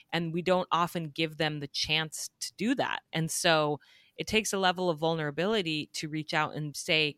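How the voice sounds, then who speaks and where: A woman's voice: deep voice, fairly bright tone, no room sound, studio quality. A woman hosting a podcast, affirming her guest with short acknowledgments and thoughtful replies. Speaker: podcast host. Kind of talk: conversational interview.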